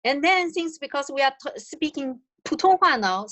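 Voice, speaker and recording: A woman's voice: high-pitched, animated, a bit bright. A middle-aged woman whose first language is Chinese, presenting an online language lesson over a video call with patient, careful demonstrations. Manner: patient, demonstrates counting and tongue twisters slowly.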